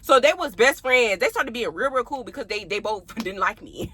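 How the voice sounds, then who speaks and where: Young woman, chatty storyteller, laughs a lot, crisp bright tone. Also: on the high side, animated, moderate pace, slight background noise. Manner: chatty, laughs often, talks straight to viewers. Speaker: vlogger. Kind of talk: casual storytime.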